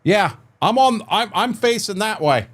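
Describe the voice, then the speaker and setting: An older man streams a farming game from home, chatting casually with viewers into a desk microphone while rambling and repeating his words. His voice is high-pitched and a bit bright, with lively intonation and a measured pace.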